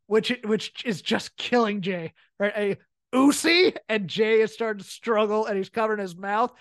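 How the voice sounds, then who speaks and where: A woman's voice: mid-range voice, no echo. A woman co-hosting a podcast, chatting casually about wrestling comedy and laughing often as she breaks scenes down. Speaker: podcast co-host. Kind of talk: casual wrestling commentary chat.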